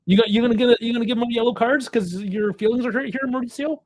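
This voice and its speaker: Furious swearing fan commentating live. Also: male voice, very high voice, fairly even intonation, fast. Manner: angry, frustrated, heavy swearing.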